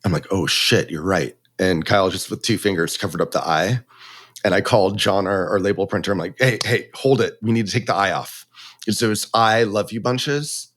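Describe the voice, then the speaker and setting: Man, winery owner, casual and animated storyteller, slightly low voice. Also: a little fast. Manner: animated, acts out quotes with laughs.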